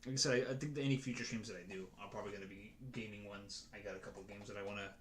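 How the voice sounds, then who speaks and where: A man's voice: fairly low pitch, steady tone, racing, slight background noise. Rambling, hesitant man streamer. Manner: rambling, hesitant, full of restarts. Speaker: streamer and dungeon master. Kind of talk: casual stream chat.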